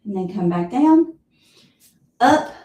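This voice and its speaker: A woman with a Southern US accent leading a live exercise class, counting reps and giving steady cues, heard from a distance in an echoey room. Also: fairly high pitch, slow. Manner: counts reps aloud, encouraging cues, clears throat often. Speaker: fitness instructor. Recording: roomy echo, voice from far off.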